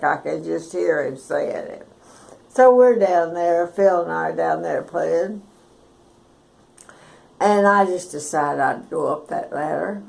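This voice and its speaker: A woman's voice: deep voice, slow, vocal fry, pauses often, low-quality recording. A woman, telling a childhood story for an oral history recording in a folksy, chuckling way. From Texas.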